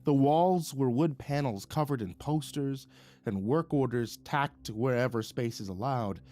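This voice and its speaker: A man's voice: medium pitch, unhurried. Man narrating a story expressively. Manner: expressive, dramatic. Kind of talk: first-person story narration.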